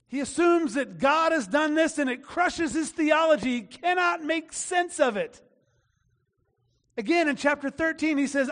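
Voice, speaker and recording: A man preaching a sermon in a casual, talky way, acting out quotes and breaking into shouts. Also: extremely high pitch, animated, normal speed, long reverb tail. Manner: conversational preaching with acted-out quotes and sudden shouts. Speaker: pastor.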